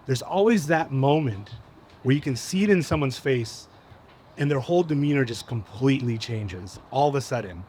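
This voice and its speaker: A man's voice: mid-range voice, animated, moderate pace, a little mellow, a little hiss or hum. Slangy man telling a story. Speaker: panel guest. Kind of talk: live panel storytelling. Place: live event at a cafe.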